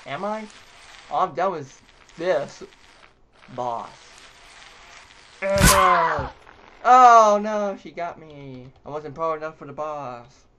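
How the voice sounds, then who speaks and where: A young male gaming YouTuber rambles through his let's play in a slightly high voice, swearing and yelping at every failure. He talks slowly, and loud noise sits under the recording. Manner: rambling, swears, yelps when failing.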